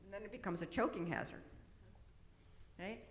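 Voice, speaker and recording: A woman's voice: medium pitch, moderate pace. Woman lecturing in an echoey hall. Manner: conversational, frequent tag questions. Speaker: presenter. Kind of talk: autism awareness talk. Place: church hall. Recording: echoey hall, long reverb.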